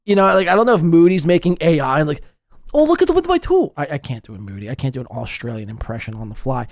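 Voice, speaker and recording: A man hosting a live podcast, ranting with crude, sarcastic mockery and swinging between loud outbursts and muttered asides. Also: medium pitch, very fast, no echo, studio quality. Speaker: podcast host.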